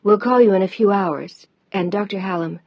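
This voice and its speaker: A woman voicing an eager, curious female TV reporter in an audiobook, brisk and persuasive. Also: mid-range voice, no echo, lightly acted. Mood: earnest. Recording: dull dry audiobook recording.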